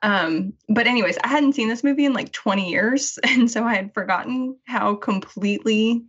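Giggly, breathy young woman on a dull mic. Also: a little high, normal speed, fairly bright tone. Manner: giggly, chatty, filler-heavy. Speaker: podcast guest. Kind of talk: casual chat.

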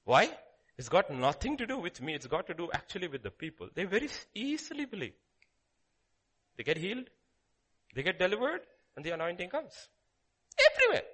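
An emphatic man preaching a sermon, repeating his phrases and swinging from loud cries to hushed asides. His voice sits fairly high and sounds bright and husky, with pitch that jumps all over. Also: big pitch swings, a little fast.

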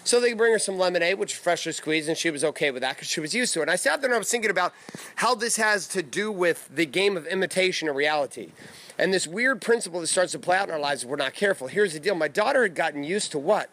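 A man in his thirties delivers a loose, blunt monologue full of profanity. His voice sits a little high for a man. He talks casually, as if recording in his backyard. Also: expressive, fast, sharp tone. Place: backyard outdoors.

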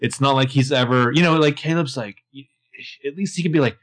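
A man's voice: medium pitch, a little fast. A man co-hosting a casual show recap, enthusiastic and sarcastic with profane asides. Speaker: podcast co-host.

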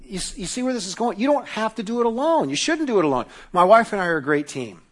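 A middle-aged man preaching a conversational sermon as pastor, self-deprecating and humorous, often dropping to a hushed voice. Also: sits high, big pitch swings, fast.

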